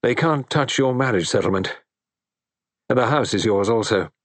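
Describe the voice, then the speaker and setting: A man's voice: mid-range voice, expressive, moderate pace, no echo, voice pushed up, lightly acted. A man reading a fretful, anxious young husband. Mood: worried. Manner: nervous, reassuring himself. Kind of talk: audiobook character voice.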